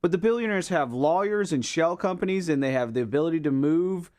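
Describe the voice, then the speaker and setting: A man co-hosting a talk radio show, ranting in an animated way, his voice rising as he builds a point. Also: a little high, fairly quick. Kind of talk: casual talk radio banter.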